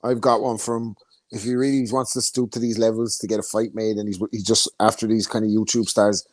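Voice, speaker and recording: A man co-hosting a casual boxing chat, talking animatedly with lots of swearing and quick mimicry. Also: no room sound. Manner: swearing, animated, mimics fighters in high voices. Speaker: podcast co-host.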